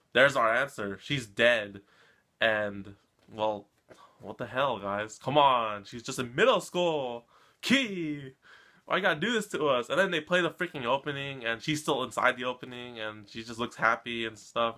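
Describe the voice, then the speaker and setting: Bright-voiced man ranting about an anime episode. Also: lowish voice. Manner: emotional, rambling, keeps addressing viewers with "guys" and "come on". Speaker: anime reaction channel host. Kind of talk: casual episode reaction and recap.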